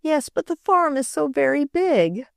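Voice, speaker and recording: A woman's voice: high voice, very animated, measured pace, creaky, dry recording, clean studio sound, voice pushed up, exaggerated voice. A woman putting on an earnest young girl. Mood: upset.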